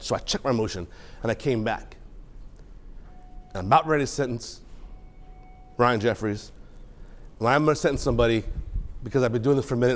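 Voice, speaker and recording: A judge addresses students in a courtroom, his medium-pitched voice carrying an emotional storytelling style. Sometimes he goes quiet and chokes up; other times he gets loud and excited.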